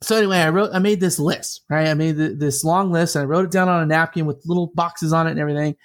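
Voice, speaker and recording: A man with a somewhat raised voice spins a long personal story in casual conversation. He talks in an animated, chatty way and keeps breaking off for little asides. The tone stays loose and unscripted. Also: a little high, fast talker. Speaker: guest telling a personal story.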